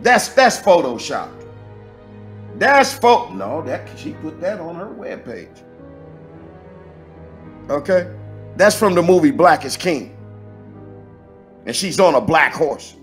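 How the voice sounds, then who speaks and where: A man hosting a podcast, giving animated conspiracy commentary in a colloquial, emphatic way and answering his own questions with exclamations. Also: a little high, takes it slowly, pauses often, soft background music. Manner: colloquial, emphatic, talks back to himself with exclamations. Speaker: podcast host.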